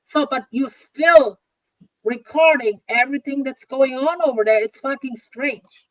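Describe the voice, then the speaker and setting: Blunt high-voiced woman, lo-fi stream. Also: measured pace, no room sound. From Germany. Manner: blunt, swears, restarts often. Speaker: commentary streamer. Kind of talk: casual drama commentary chat. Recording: dull lo-fi stream audio, dry.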